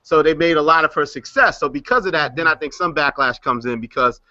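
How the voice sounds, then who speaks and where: Fast-talking bright-voiced male host. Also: a little high. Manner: quick, prods others with questions. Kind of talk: panel discussion. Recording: dry, dull lo-fi sound.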